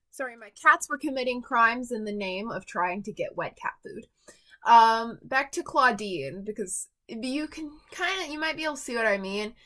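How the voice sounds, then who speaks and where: A woman's voice: sits high, fairly bright tone. A woman reviewing a doll from her collection in a rambling, chatty vlog with lots of fillers and asides. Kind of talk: casual vlog chat.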